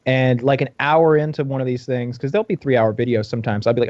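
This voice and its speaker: A man's voice: steady tone, quick pace, darkish tone, no echo, lo-fi sound. A man co-hosting a podcast, rambling through a story in casual chat and repeating words as he goes. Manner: rambling storyteller, stumbles and repeats words, acts out quotes in shrill voices. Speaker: podcast co-host. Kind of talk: casual chat, retelling a radio bit.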